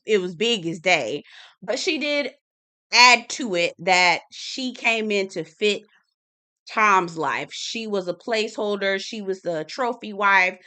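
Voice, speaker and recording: A woman with a bright, forceful voice runs a chatty recap. She is sassy and teasing and talks straight to her viewers. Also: mid-range voice. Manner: sassy, calls viewers "y'all" and "girl"; laughs and teases, animated. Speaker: reality TV recap host. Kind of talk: chatty commentary video.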